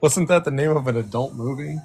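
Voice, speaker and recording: A man's voice: medium pitch, brisk, a little mellow. A man from Rhode Island talks over a video call with friends. He rants heatedly and swears in nearly every line, with a faint hiss of noise behind him. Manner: heated, swears constantly, ranting. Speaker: group chat participant. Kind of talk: casual profane chat on a video call.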